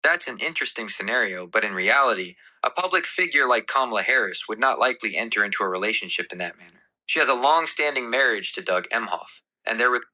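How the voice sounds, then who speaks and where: A man's voice: medium pitch, fast, few pauses, poor audio. A man's synthetic assistant voice answering in a polite, formal tone. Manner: polite, formal, even-toned.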